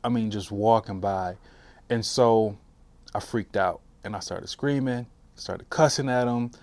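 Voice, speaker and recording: A man in his forties, a veteran, telling his story for an oral history interview in a halting way with frequent restarts. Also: lowish voice, darkish tone, no room sound. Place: interview room.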